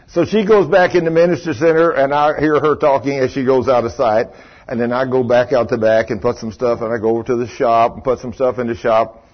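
A man's voice: medium pitch, steady tone, brisk. An older man, a pastor telling a story in a sermon in a folksy, chatty way and chuckling often as he talks to the congregation. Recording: muffled lo-fi sermon recording.

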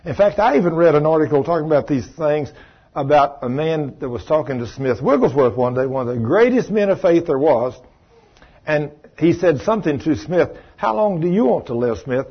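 A man's voice: fairly high pitch, lively intonation, moderate pace, husky, lo-fi sound. A man preaching a folksy televised sermon, acting out the voices of people he quotes.

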